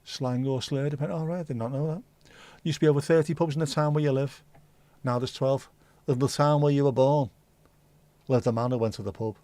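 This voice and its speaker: A man talks loosely to a live audience, wandering from one rant to the next and swearing freely. His voice sits at an ordinary middle pitch. It is recorded dry and close, with no room sound. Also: steady tone, brisk, no room sound. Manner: rambling, sweary, ranting; answers chat comments out loud. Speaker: livestream host. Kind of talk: casual chat with a live audience.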